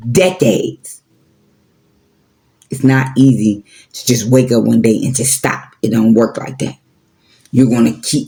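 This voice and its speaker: Gravelly man preaching casually. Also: medium pitch, darkish tone. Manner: preachy, repetitive, profane slang. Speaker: spiritual vlogger. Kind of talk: casual spiritual talk.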